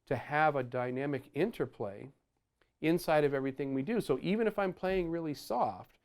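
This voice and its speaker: A man teaching a drum lesson, explaining dynamics in a relaxed way and sometimes scatting phrases, with drums playing behind him. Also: a little high, normal speed, noisy background. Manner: explains while playing, counts beats aloud loudly over drums; scats horn phrases to show accents. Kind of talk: instructional lesson. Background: drum kit playing.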